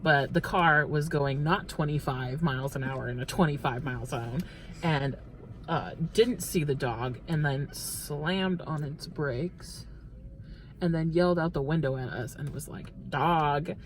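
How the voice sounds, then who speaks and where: A man's voice: on the high side, measured pace, a little hiss or hum. A man co-hosting a late-night vlog, telling a long rambling story with many restarts from inside a car. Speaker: vlog co-host. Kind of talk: casual chat while driving.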